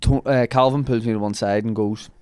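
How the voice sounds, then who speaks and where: A man hosting a comedy podcast, telling an animated anecdote in casual chat and laughing often. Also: medium pitch, a little fast, smooth, no room sound.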